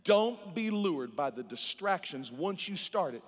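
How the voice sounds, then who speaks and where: A male pastor preaching a sermon, calling out questions to the congregation and swinging between loud emphatic lines and hushed ones. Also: high-pitched, very animated, unhurried, slightly rough. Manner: preaching with call-and-response to the congregation. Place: large church hall. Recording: long reverb of a large hall.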